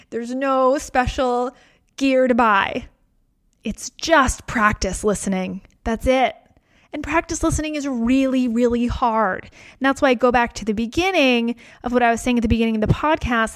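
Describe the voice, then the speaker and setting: Dry, higher-voiced woman podcast host. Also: no room sound. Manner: reflective and conversational, piling up repeated phrases for emphasis. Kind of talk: casual podcast monologue on yoga and wellness.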